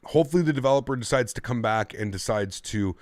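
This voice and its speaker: A man's voice: medium pitch, expressive, fast, a little mellow, no echo, studio quality. A man streaming a flight simulator, chatting casually and thanking his viewers in a friendly way. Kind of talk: casual livestream commentary.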